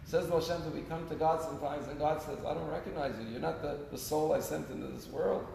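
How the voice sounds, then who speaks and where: A man's voice: fairly high pitch, steady tone, fast talker, creaky, darkish tone. Rabbi guy preaching, earnest storyteller, big echo in the room, bit of hiss. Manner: earnest storytelling preacher, rising and falling in volume. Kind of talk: sermon. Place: synagogue sanctuary. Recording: echoey sanctuary with long reverb, faint noise.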